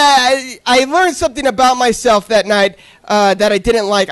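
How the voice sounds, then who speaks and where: A young man doing a stand-up comedy set on a club stage, telling awkward self-deprecating stories with crude jokes. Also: very high-pitched.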